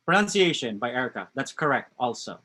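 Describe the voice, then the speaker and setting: A man's voice: medium pitch, very animated, a little fast, sharp tone. A man with a West Coast American accent teaching a live online English class, reading out chat answers and commenting on them.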